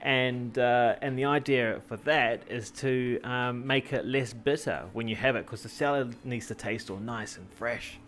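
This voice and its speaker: A man's voice: medium pitch, a little slow, few pauses, fairly bright tone. Rambling, jokey man. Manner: rambling and jokey, with lots of fillers and restarts. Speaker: travel vlogger and host. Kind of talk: casual travel cooking vlog.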